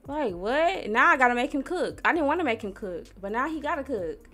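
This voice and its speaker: A young woman from Missouri, USA, chats away while playing a life-sim game, her voice high, very animated and fairly bright over faint music. She's a gaming YouTuber whose slangy commentary drifts between talking to herself and to the game's characters, and she gets annoyed quickly.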